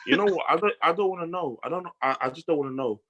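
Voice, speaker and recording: Hesitant young London man, slightly high. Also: rapid-fire, a bit bright, highs cut off. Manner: repetitive, hesitant. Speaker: podcast co-host. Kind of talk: casual chat.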